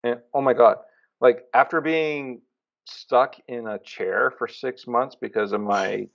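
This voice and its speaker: A man co-hosting a podcast, chatting casually and telling rambling, excitable stories. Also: medium pitch, measured pace, vocal fry. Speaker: podcast co-host. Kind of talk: casual chat. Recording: dull lo-fi sound.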